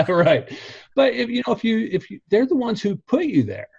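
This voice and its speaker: A man's voice: extremely high pitch, big pitch swings, normal speed, vocal fry, a little mellow, slightly rough, no echo. A laid-back man, a guest on a podcast interview, chatting casually and laughing often. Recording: dull, muffled recording.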